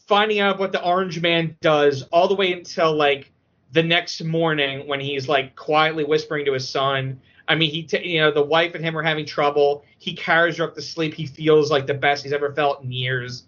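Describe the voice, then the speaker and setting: A man chatting on a podcast, an emotional, excitable storyteller who talks with many fillers. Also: on the high side. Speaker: podcast guest. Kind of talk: casual podcast chat. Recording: dull lo-fi audio.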